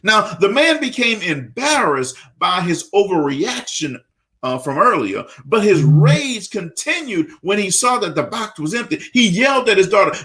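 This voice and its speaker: A male radio host gives a motivational leadership talk in a fairly high voice. He preaches straight to his listeners, "folks," and often stumbles and repeats words while he searches for the right phrase. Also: very animated, moderate pace, pushed and bright.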